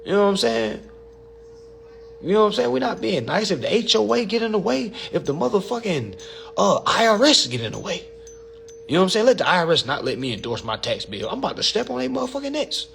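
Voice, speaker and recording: A man's voice: high voice, very animated, a little fast, creaky, fairly bright tone, slight background noise. A man hosting a casual livestream and answering viewer questions, blunt and profane, and often calling his listeners family.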